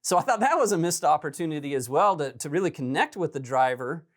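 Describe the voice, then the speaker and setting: A man's voice: a little high, animated, fast. A man hosting a recruiting podcast, talking through a call in a loose, conversational way and often checking in with "right?". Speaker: podcast host. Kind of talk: podcast commentary.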